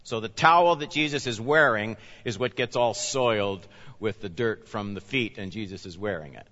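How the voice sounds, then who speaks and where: A man pastor preaching a sermon, with animated emphasis that rises and falls as he explains scripture. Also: lowish voice, normal speed. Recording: reverberant hall, dull lo-fi sound.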